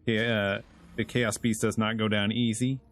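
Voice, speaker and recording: A man hosting a casual comic book review, retelling the story in an animated way and chuckling as he goes. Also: on the low side, normal speed. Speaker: host.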